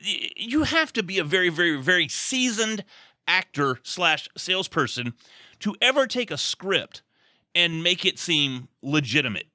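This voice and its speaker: A man in his fifties hosting a casual podcast conversation, agreeable and animated, speaking in quick bursts. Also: high voice, no echo, clean studio sound.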